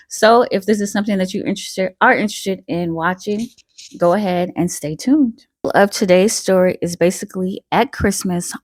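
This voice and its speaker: A woman's voice: fairly low pitch, no echo. A woman hosting her channel, telling a story in a chatty, loose way full of fillers. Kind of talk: casual spoken storytelling.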